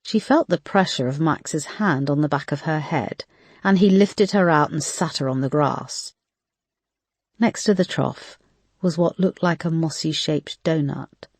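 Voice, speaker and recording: A measured audiobook narrator, reading a crime thriller in a steady, even storytelling voice. The recording is close and dry, with no room around it. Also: medium pitch, no echo. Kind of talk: scripted narration.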